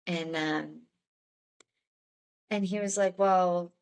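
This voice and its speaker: A woman's voice: on the low side, fairly even intonation, extremely slow, a little mellow. A young woman sharing a personal story as a podcast guest, chatty and candid, filling her speech with "like" and small laughs. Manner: chatty, many "like"s, laughs between lines.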